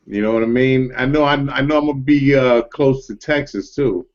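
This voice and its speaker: A New York man with a medium-pitched voice chats briskly on a group video call, where he's one of the collectors. His talk is casual, loose and repetitive, with "bro" in most sentences, and the web call audio is dull and lo-fi.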